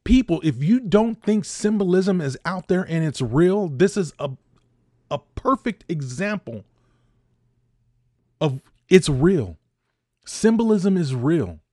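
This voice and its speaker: A man's voice: high voice, expressive, slow, pauses often, darkish tone, dry recording, clean studio sound. A man in his fifties hosting a podcast, delivering a heated opinion monologue that repeats points for emphasis. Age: 50s. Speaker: podcast host.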